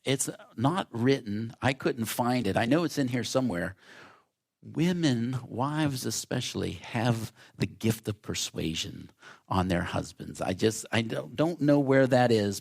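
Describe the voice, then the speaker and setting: A male pastor preaches from the pulpit, spinning a family anecdote into a Bible lesson. His voice sits at an average pitch, and he breaks into the voices of the people in his story. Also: vocal fry. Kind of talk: sermon.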